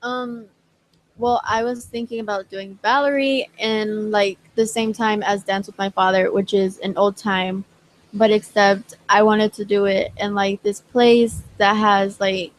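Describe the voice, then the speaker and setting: A woman's voice: mid-range voice, fairly even intonation, measured pace, slight background noise, rough recording. A young woman singer answering interview questions hesitantly, with many fillers. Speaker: singer guest.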